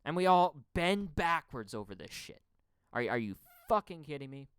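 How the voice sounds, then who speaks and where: A heated Canadian man rants into a close mic with a smooth, resonant voice set a little high. He swears freely and stumbles over repeated words. His volume lurches from loud bursts down to low mutters in a dry, dead room. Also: sing-song, normal speed, no echo. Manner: profane, stammering, repeats words when heated; shifts between loud outbursts and muttering. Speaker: podcast host. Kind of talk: angry political rant.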